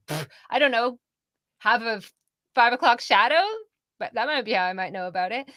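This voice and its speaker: A woman co-hosting a political discussion show, talking in an animated way and laughing often. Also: on the high side, a little fast, pauses often, no echo, studio quality. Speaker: podcast co-host.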